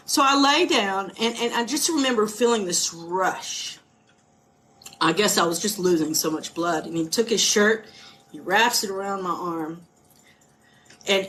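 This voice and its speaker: A middle-aged woman from California, a podcast guest giving a personal testimony, speaking in halting, emotional bursts with repeated words and restarts. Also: medium pitch, lively intonation, bright, forceful tone, a little hiss or hum. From United States (California).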